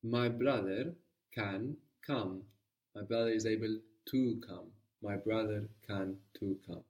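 A man teaching a guided language lesson, patiently prompting and repeating answers slowly. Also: fairly low pitch, darkish tone, distant mic, highs cut off.

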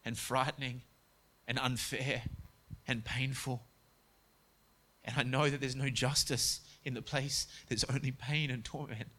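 A man preaching a sermon in a conversational way, dropping to soft, quiet tones when he speaks God's words. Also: mid-range voice. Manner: conversational preaching, quotes God and Joshua, drops to soft tones.

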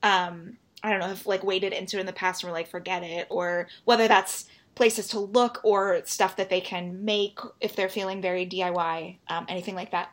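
A woman's voice: medium pitch, fairly even intonation, normal speed, hardly any pauses. A woman hosting a casual podcast interview, chatty and enthusiastic, asking long rambling questions. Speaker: podcast host.

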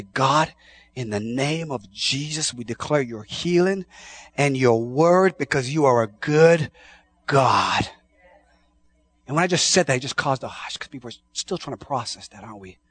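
A man preaching a sermon with passion, swinging from shouts down to hushed tones and often repeating his words. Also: medium pitch, expressive, moderate pace, husky. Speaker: pastor.

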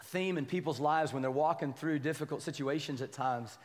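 A man with a high voice delivers a relaxed, conversational sermon full of jokes and quick asides. He keeps turning to the congregation for a nod of agreement. His voice carries a long reverb from the church hall. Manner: animated, joking, keeps asking the crowd "right?" and "amen?". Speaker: pastor.

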